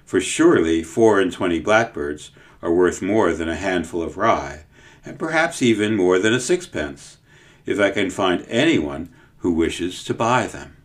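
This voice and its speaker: A man's voice: low voice, lively intonation, measured pace. A man voicing a stubborn, kindly peasant boy who speaks earnestly and firmly. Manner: earnest and firm.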